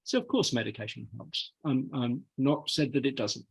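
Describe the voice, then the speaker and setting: British male academic, husky mid-pitched voice, emphatic, answers a meeting question. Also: animated, moderate pace. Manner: emphatic, insistent repetition. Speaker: psychology professor giving a talk. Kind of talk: public talk answering a question. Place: meeting hall.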